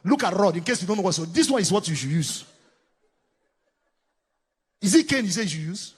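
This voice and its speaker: A man with a Nigerian accent giving a preaching-style talk on parenting, swinging from loud exclamations to low asides. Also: animated, a little fast, breathy edge. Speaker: parenting speaker. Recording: long hall reverb.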